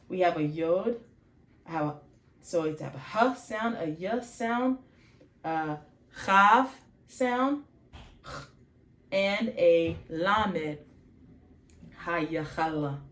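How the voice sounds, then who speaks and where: A woman teaching vocabulary in an informal lesson, slowly sounding out letters and repeating each word many times, often correcting herself. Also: fairly low pitch, roomy sound. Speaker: faith channel host teaching vocabulary.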